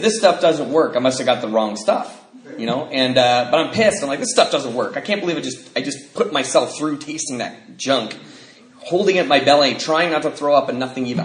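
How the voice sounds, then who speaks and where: A man speaking at a recovery convention, telling his story in an animated, self-mocking way and acting out the quotes. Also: medium pitch. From Washington State, USA. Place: large convention hall. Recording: echoey hall recording with background noise.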